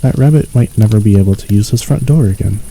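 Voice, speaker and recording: Brief: simple, sweet storybook bear, mellow and plaintive, read by a man. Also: on the low side, quick pace, slight background noise, natural voice, poor audio. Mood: gentle. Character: gentle, simple, food-loving male bear, storybook.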